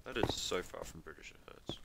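A man's voice: low voice, fairly quick, creaky, fairly bright tone, low-quality recording. A man streaming a game in casual chat, sarcastic and swearing offhand.

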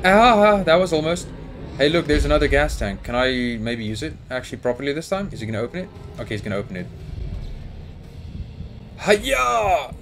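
A man's voice: medium pitch, lively intonation, racing. Panicky young man narrating his gameplay. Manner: panicky, talks to the game character and the monster. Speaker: gaming YouTuber. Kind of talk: let's play commentary. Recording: faint music behind. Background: game music.

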